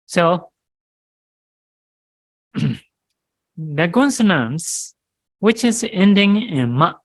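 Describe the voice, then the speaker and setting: A man, a monk teaching Pali grammar in halting English, reciting syllables and pausing often. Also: fairly high pitch, fairly bright tone, no echo, poor audio. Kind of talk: grammar lesson. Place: meditation centre classroom.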